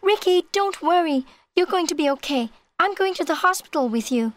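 Guy doing a way high falsetto teen girl, pleading and upset, storybook reading. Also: expressive, normal speed, a bit bright, dry recording. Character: worried teenage girl Stacy, emotional.

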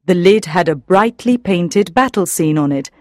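A woman narrating an audiobook in a measured, even reading. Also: on the low side, no room sound, studio quality.

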